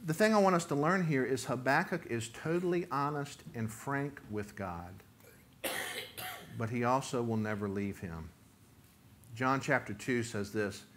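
Middle-aged man, pastor, animated sermon delivery with dramatic loud peaks. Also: medium pitch, moderate pace, a little hiss or hum. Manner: animated preaching, rising loud for quoted voices.

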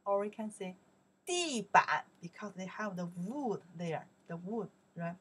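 Slow, breathy woman teacher. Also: medium pitch. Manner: slow, repeats each word, swings up loudly on the Chinese words. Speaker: Chinese teacher. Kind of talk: vocabulary lesson.

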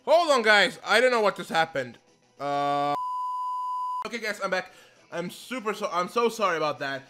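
Excitable young man narrating his gameplay. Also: sits high, normal speed. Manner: excitable, swears, apologizes a lot. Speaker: let's play gamer. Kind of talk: casual gameplay commentary. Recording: game music behind the voice. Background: faint game music.

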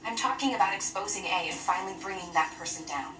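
Brief: actress as a determined, scheming young woman, TV drama clip, roomy sound, score clearly underneath. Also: mid-range voice, quick pace, over music, close to an everyday voice. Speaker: TV drama character. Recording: TV audio with reverb and score.

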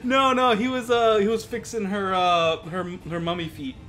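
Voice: mid-range voice, normal speed, a bit bright. A commentator in casual gaming chat, joking and laughing often. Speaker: game commentator.

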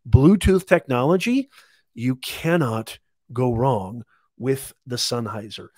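A man's voice: medium pitch, animated, takes it slowly, darkish tone, no room sound, clean studio sound. A man hosting a live shopping stream, hyped and salesy, repeating calls to buy. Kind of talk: live deal-hunting stream.

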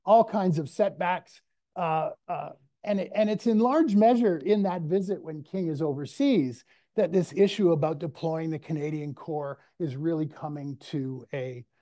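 Mellow, chatty male history lecturer. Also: a little high. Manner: chatty, discursive, frequent restarts and asides; enthusiastic and wry. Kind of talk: public lecture.

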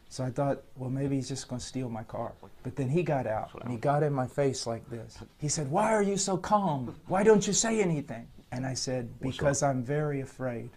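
Preacher telling a story with rising intensity. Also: male voice, medium pitch. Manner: builds from calm to loud, laughing retelling. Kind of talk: animated storytelling.

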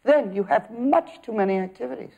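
A woman's voice: a little high, expressive, a little fast, creaky, breathy edge. An older woman acting teacher giving a student direct, probing notes in class. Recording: dull lo-fi archive recording.

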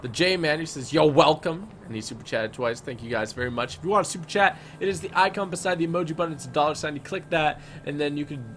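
A man hosting a live gameplay stream, energetic and excitable, often repeating his phrases. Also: on the high side, quick pace, hardly any pauses, a little hiss or hum. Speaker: gaming channel host.

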